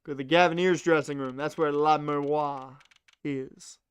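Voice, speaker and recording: A man's voice: a little high, fairly even intonation, moderate pace, smooth, no echo. A young man rambling casually to his chat while streaming a game. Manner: rambling, chatty, talks to chat.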